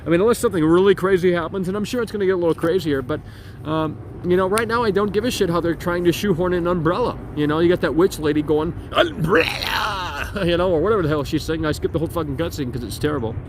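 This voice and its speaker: A man's voice: fairly high pitch, fast, noisy background. A man hosting a casual livestream outdoors on a phone, ranting brashly, profanely and repetitively. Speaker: streamer and host.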